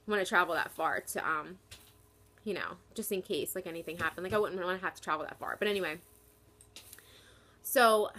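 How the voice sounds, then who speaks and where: A woman's voice: medium pitch, a bit bright. Young woman vlogging at home, kinda out of breath, says like a lot, chatty and rambly. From New Jersey, US. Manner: chatty, lots of "like" fillers. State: short of breath while talking. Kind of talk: casual pregnancy vlog.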